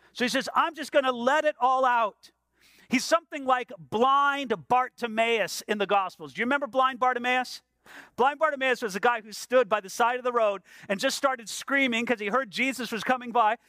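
A man's voice: extremely high pitch, sharp tone, no echo, studio quality. A man preaching a sermon in an earnest, conversational way, asking his listeners questions as he goes. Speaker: pastor.

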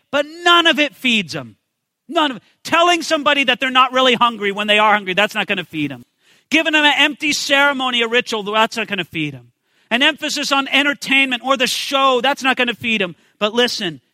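High, forceful-voiced male preacher. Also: no echo. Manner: emphatic preacher, repeats phrases and asks rhetorical questions. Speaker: pastor. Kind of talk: sermon.

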